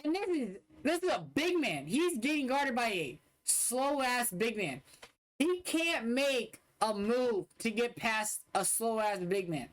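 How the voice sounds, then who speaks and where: A young male streamer reacts to game footage with blunt, dismissive, profane commentary in a casual livestream. His voice is very high and very animated, yet he takes his time.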